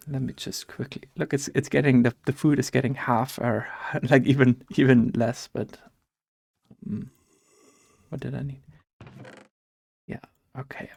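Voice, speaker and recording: Man, German accent, gravelly, casual gameplay chat, rambling with fillers, allergies, dry sound. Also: medium pitch, darkish tone, dry recording. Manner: rambling, thinks aloud with many fillers and restarts. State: has allergies. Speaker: gaming vlogger. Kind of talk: casual chat while playing a game.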